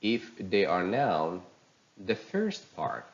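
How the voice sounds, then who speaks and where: A man teaching English pronunciation, reading practice words slowly and clearly for learners to repeat. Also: low-pitched, wildly swooping pitch, lo-fi sound. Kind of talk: slow teaching with drills.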